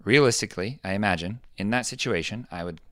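Deep-voiced man explaining things thoughtfully. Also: fast talker, no echo, clean studio sound. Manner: thoughtful, acts out quoted lines with lively pitch jumps. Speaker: podcast host. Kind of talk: casual explanatory chat.

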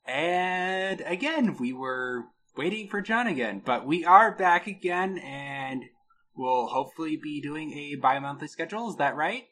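A man co-hosting a casual podcast, telling a product story with a lot of pitch movement and laughing at his own jokes. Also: lively intonation, a little slow, fairly bright tone. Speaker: podcast co-host.

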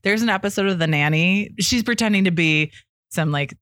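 A woman's voice: fairly low pitch, a little fast, fairly bright tone, no echo, studio quality. A woman co-hosting a podcast in casual chat, chatty and self-deprecating, laughing often. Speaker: podcast co-host.

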